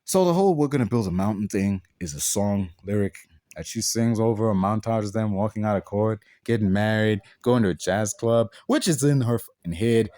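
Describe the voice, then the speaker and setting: A man's voice: fairly low pitch, moderate pace, mellow, no room sound, studio quality. A man ranting through a film review, exasperated and swearing heavily, firing off rhetorical questions. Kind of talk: profane ranting movie review.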